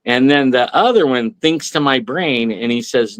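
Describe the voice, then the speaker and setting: A man's voice: mid-range voice, expressive, moderate pace, fairly bright tone, no echo. A man telling a personal story on a talk radio show, rambling with many restarts and fillers. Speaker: guest. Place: radio studio.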